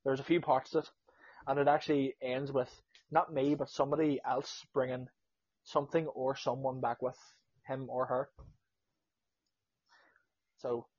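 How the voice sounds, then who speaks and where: A young Northern Irish man spins a rowdy anecdote in a slightly husky voice, swearing as he goes and jumping into the voices of everyone involved. The sound is dry and dull, like a low-fi podcast mic close up. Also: a little slow, long pauses, dry recording. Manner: animated storyteller, swears freely, acts out quotes. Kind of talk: casual anecdote telling.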